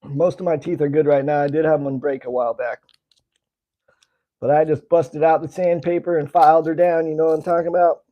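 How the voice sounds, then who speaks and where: The recording is muffled, carrying a fairly quick, steady male voice on the high side. It belongs to an American man who runs a slingshot channel, casually chatting and answering viewers' comments while he samples candy on a live stream.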